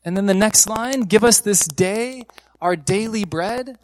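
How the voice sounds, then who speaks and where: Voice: mid-range voice, a little slow, slight background noise, rough recording. A preacher giving an earnest sermon, repeating key phrases for emphasis and asking one rhetorical question after another.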